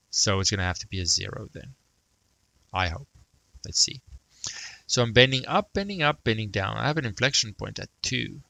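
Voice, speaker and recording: Gravelly, bright-voiced man teaching math. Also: lowish voice, no room sound, low-quality recording. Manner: self-talk, mutters, jokes about praising himself. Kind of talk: thinking aloud while sketching a graph.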